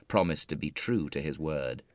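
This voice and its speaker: A man narrating a story for English learners in a measured, clear reading. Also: a bass voice, animated, no echo, clean studio sound.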